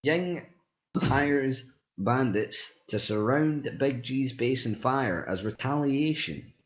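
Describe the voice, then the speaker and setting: A man's voice: lowish voice, dull audio. A man reading a group-written story aloud in a laid-back, crude way, stopping to fix mistakes. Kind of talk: casual read-aloud storytelling.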